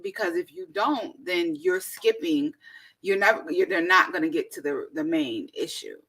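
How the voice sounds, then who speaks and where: A woman hosting a radio talk show, chatting casually with quick affirmations. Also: on the low side, expressive, sharp tone, husky. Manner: encouraging, quick affirmations and laughter. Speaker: radio host.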